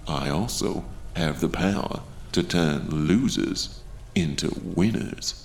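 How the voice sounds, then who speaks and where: A man voicing a tall, sly male gambler with a Southern American twang, soft-spoken and menacing, in a storybook reading. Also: full character voice. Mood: sly menace. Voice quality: gravelly, slow, low drawl.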